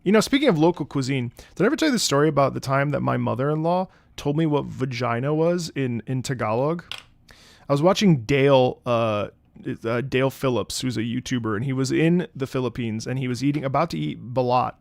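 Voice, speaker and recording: Casual young male streamer, gravelly and close-miked, chatty storyteller over faint music. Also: medium pitch, animated, a little fast, no room sound. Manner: rambling anecdotes with loud bursts of laughter. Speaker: streamer reacting to game music. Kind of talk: casual livestream chat. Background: game music playing.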